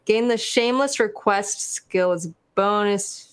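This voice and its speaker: A woman playing a tabletop game, talking in a bubbly, animated way. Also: medium pitch, a little slow, smooth. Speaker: player. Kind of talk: casual tabletop game chat.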